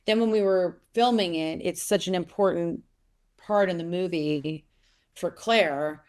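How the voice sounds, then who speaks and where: A woman's voice: fairly low pitch, a little slow. A woman in her forties, an actress telling stories in an interview, rambling and correcting herself as she goes. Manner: rambling, self-interrupting, animated storytelling. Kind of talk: casual interview talk.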